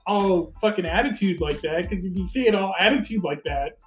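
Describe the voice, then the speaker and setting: Man, high voice, rambling podcast chat, echoey room, faint music. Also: fairly quick. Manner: rambling, laughs often, acts out voices. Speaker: podcast co-host. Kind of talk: casual chat.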